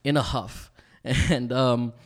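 A man co-hosting a casual podcast, telling a story in an animated way and acting out the people in it. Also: medium pitch, slow pace. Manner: animated, acts out quoted people. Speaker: podcast co-host.

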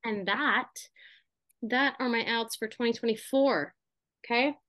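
A young woman on a podcast talks through her thoughts in a loose, chatty way, full of asides and filler words. Her voice sits a bit high, and the recording is dry and close. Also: measured pace, fairly bright tone, dry recording. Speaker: podcast co-host. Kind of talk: casual chat.

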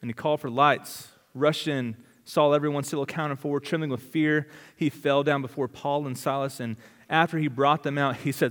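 A man preaching a sermon in a high, ringing voice. He drives his points with rhetorical questions and swings from loud urgency to hushed intensity. Each phrase trails off into the long reverb of a large hall. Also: fairly even intonation, normal speed. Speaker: pastor.

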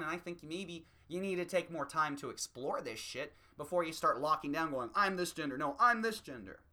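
Sharp-voiced man in a profane comedy rant. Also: a little high. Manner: profane, heated, ranting. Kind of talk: stand-up rant.

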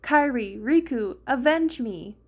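A woman's voice: on the high side, animated, slow pace. A woman voicing a cheerful, playful young man who hams things up, in a fan fiction reading. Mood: melodramatic. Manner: upbeat, hamming it up.

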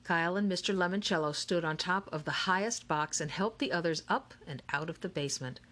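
A woman narrating a children's novel in a lively, expressive storytelling manner. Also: fairly low pitch, a little fast. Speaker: audiobook narrator. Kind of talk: scripted narration.

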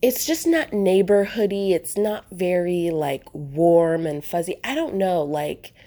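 A woman's voice: lowish voice, lively intonation, unhurried, mellow. A woman telling travel stories in a casual vlog, chatty and rambling, with lots of fillers and restarts. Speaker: travel vlogger.

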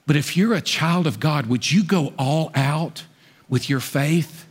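A middle-aged pastor preaches with a fairly high voice, rising to loud appeals and dropping to hushed asides. His words ring out with a long reverb, as in a large church hall. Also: unhurried, slightly rough. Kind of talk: sermon.

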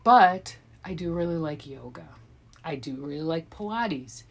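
A woman's voice: low-pitched, expressive, a little slow. A woman in her thirties hosting her own podcast, rambling casually with frequent ums, restarts and self-deprecating asides. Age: 30s. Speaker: podcast host. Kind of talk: casual solo podcast monologue.

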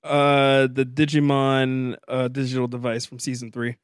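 A man's voice: mid-range voice, measured pace, smooth, no room sound, studio quality. Laid-back young man, laughing guest. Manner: relaxed, laughs often, swears casually. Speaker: podcast guest. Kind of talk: casual chat.

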